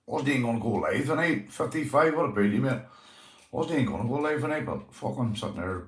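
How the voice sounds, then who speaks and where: A man's voice: medium pitch, expressive, quick pace, reverberant. A young man with a Northern Irish accent, hosting a casual livestream, greeting viewers and swearing freely, calling everyone mate. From Northern Ireland. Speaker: livestream host.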